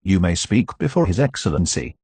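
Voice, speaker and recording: Brief: man voicing a cool, enigmatic count, husky and low, storybook read. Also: big pitch swings, a little fast, darkish tone, no room sound, exaggerated voice. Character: commanding, enigmatic nobleman, the Count.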